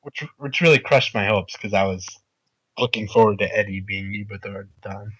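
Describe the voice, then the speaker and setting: A man's voice: fairly low pitch, normal speed, a bit bright, husky, no room sound. A young man co-hosting a podcast in casual chat, laid-back, chiming in with short reactions and laughs. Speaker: podcast co-host. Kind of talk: casual chat recapping TV episodes.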